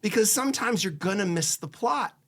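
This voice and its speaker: A man coaching a married couple, his voice bouncing up and down with lively energy. He talks casually, acts out what each spouse might say, and turns hushed when he tells a personal story. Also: high voice, normal speed. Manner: animated, conversational, acts out both spouses' lines; drops to a soft hush when sharing a personal story. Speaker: divorce attorney giving marriage advice. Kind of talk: candid advice session.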